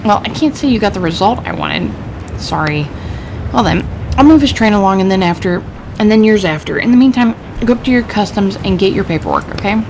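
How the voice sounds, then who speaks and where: A woman's voice: mid-range voice, fairly quick, natural voice. A woman voicing a worried male station official giving instructions in a game. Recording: steady background noise.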